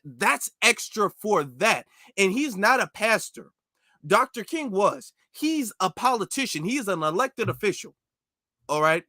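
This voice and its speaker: Bright high-voiced man, emphatic. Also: dry recording, clean studio sound. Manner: critical, emphatic, mocking. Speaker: commentary video host. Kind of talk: reaction commentary.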